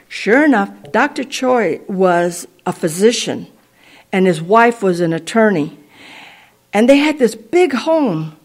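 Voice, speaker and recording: A woman giving a personal testimony to a congregation, telling it as a lively, conversational story. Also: medium pitch. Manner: animated, conversational storytelling with sound effects.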